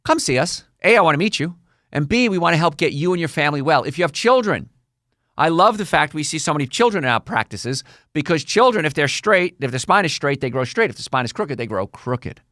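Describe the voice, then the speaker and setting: A middle-aged man hosting a health podcast as a chiropractor, talking energetically and pitching his practice. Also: a little fast, no echo, clean studio sound. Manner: energetic, salesy, acts out patients' voices. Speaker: chiropractor and health show host. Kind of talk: solo health podcast monologue.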